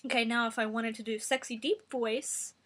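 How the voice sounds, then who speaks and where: Deadpan young woman, slightly high voice. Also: moderate pace. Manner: deadpan, rambling, self-serious. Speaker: vlogger giving a mock singing tutorial. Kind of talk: deadpan comedic tutorial.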